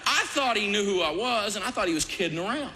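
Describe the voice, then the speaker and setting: Animated man telling a story. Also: high-pitched, quick pace. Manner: animated, stammering restarts. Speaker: speaker. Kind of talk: storytelling talk. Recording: echoey hall with background noise.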